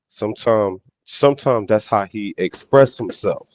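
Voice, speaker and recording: A man's voice: lowish voice, normal speed, hardly any pauses, a little mellow, dry recording, muffled recording. A man in a casual podcast debate, talking in street slang and often repeating and restarting his phrases.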